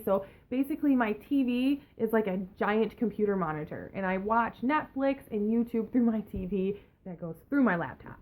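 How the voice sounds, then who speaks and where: A woman YouTuber telling a storytime rant to camera, heated and profane, acting out both sides of the exchange. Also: on the high side. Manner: talks in a cooing baby voice to her pet.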